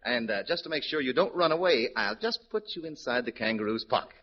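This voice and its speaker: Friendly circus handler, patient, gently amused, lively pitch, muffled old radio sound. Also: male voice, fast talker, heavy background noise. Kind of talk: 1940s radio comedy acting.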